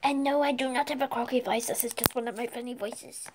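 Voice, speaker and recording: A woman's voice: on the high side, steady tone, fast talker, heavy background noise. A young woman hosting her own channel in a playful, giggly way, often restarting and laughing at herself. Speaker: channel host. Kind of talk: giggly casual vlog chat.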